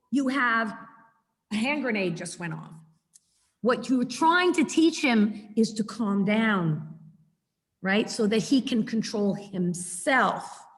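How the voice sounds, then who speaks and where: A woman dog trainer teaching a webinar over a video call, chatty and lively, repeating words for emphasis. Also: a little high. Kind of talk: webinar lesson. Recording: echoey video call audio.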